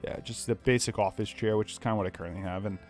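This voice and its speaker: A man's voice: fairly low pitch, steady tone, rapid-fire, a little mellow, soft background music. A young man giving rambling let's play commentary from a small home office, chatting to viewers and his dog. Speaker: gaming YouTuber.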